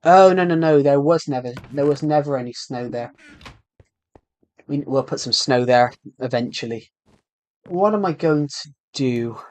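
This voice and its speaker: A man's voice: medium pitch, measured pace, long pauses. A young man with a sore throat, chatting in a rambling way while live-streaming a video game. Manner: rambling, chatty, with frequent restarts and fillers. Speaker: gaming streamer. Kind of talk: casual live-stream chat while playing.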